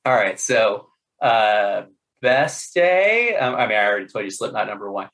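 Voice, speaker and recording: Guy telling stories on a podcast, bright forceful voice, laughs a lot, lots of ums and likes. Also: lowish voice, moderate pace, poor audio. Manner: animated, laughing often, many fillers and restarts. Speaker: podcast guest. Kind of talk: casual storytelling.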